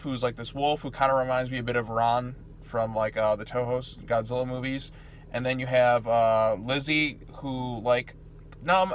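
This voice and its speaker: A man's voice: mid-range voice, fairly bright tone, slight background noise. A young man giving a casual, rambling movie review from a theater parking lot, full of fillers and restarts.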